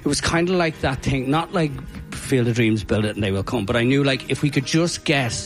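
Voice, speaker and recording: Brisk and mid-range in voice, this Irish music-night organizer chats through a casual interview. He tells his stories animatedly, peppered with fillers.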